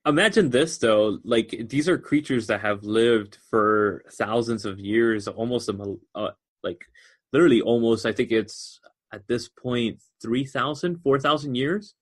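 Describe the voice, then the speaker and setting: A man's voice: mid-range voice, a little slow. A man co-hosting a podcast in casual chat, animatedly explaining book lore at length. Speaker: podcast co-host.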